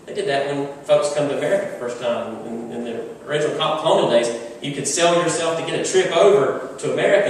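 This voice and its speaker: A male pastor preaches in a relaxed, storytelling way, leaning hard on key words. His voice sits slightly high and is caught from far off by the mic. A long reverb fills the church sanctuary, with faint ambience underneath. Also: slight background noise. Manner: conversational storytelling, emphatic. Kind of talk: sermon. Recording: echoey church hall from far off.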